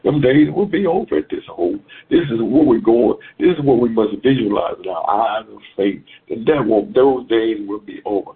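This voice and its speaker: A gravelly, low-voiced man preaching to his congregation in a repeating, sing-song cadence. His sermon comes through a tinny phone line that thins out the sound. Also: animated, normal speed. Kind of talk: sermon over a phone call.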